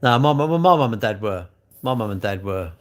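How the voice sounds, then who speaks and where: A man's voice: on the low side, expressive, fairly quick. A middle-aged man, chatting casually on a livestream and answering viewer comments in a rambling way, full of tag questions.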